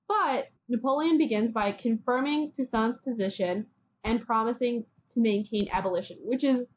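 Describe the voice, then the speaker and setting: A woman hosting a podcast, telling history in a chatty, casual way and acting out people in quick quotes. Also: on the high side, muffled recording, a little hiss or hum. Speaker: podcast host.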